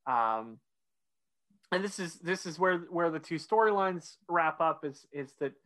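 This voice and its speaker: A man's voice: fairly high pitch, animated, measured pace, fairly bright tone. A man co-hosting a casual podcast, walking through an episode step by step and leading the segments. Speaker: podcast co-host.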